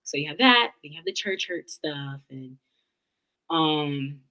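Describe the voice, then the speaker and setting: A woman's voice: sits low, expressive, measured pace, bright, forceful tone, low-quality recording. A young adult woman, an interview guest, talking candidly and thoughtfully in long, run-on reflections. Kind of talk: candid casual conversation.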